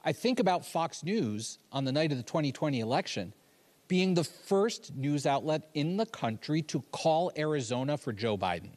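A man's voice: a little high, expressive, normal speed, a little mellow. Assertive man explaining on a panel. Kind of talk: panel discussion.

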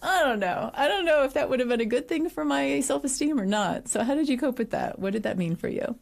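A woman's voice: high voice, lively intonation, fairly quick, vocal fry. A woman interviewing a guest, curious and probing, laughing along. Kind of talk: conversational interview.

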